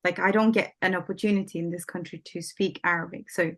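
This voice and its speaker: A woman's voice: on the low side, fairly even intonation, fast talker, a bit bright. A woman chatting casually and hesitantly, with many "like"s and restarts. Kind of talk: casual chat.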